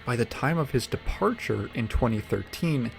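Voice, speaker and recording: A man's voice: medium pitch, expressive, moderate pace, vocal fry, faint music behind. A man giving scripted video narration with dry, sarcastic commentary.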